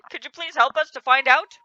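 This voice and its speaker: A woman's voice: high voice, unhurried, pushed and bright, lo-fi sound. A woman voicing a worried expectant father in a hospital game scene, pleading anxiously for help.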